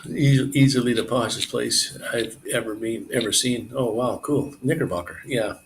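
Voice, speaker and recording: A man's voice: mid-range voice, moderate pace, slight background noise, low-quality recording. A man live streaming, chatting casually and rambling to his viewers. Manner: rambling, relaxed, talks to viewers.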